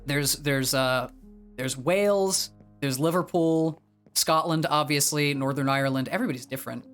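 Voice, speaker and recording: A young male streamer from the northeastern US, near Boston, chats casually in a fairly bright, higher-pitched voice at a moderate pace. He rambles with many fillers and restarts, and faint music plays in the background.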